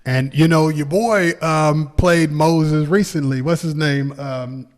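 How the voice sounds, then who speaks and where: A man co-hosting a podcast in casual chat, laughing often and pausing with ums. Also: fairly high pitch, long reverb tail. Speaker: podcast co-host.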